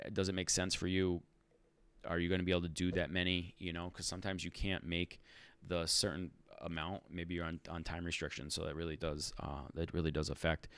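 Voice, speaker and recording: A man hosting a casual livestream Q&A for rideshare drivers, animated and talking in fits and restarts. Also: deep voice, clean tone, no room sound. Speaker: rideshare channel host answering live chat.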